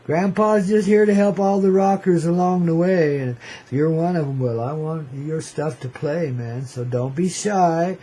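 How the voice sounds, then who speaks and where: A husky man hosts a freewheeling radio monologue, slangy, playful and cosmic. His voice sits a bit high for a man, with a mellow, dark tone. He rambles loosely and keeps calling listeners "baby". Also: unhurried, poor audio. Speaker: radio show host.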